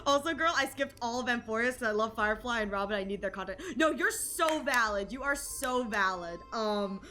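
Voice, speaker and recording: A woman's voice: a little high, brisk, sharp tone. A young adult woman streaming from home, chatting casually with her viewers, giggling often and restarting her sentences. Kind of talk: casual live-stream chat with chat readers.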